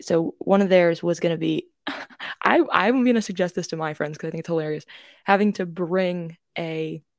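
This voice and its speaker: On the low side and somewhat dark in tone, this young woman's voice carries her rambling podcast stories, told as a co-host in casual chat with plenty of fillers and restarts. The clean studio sound has no room sound.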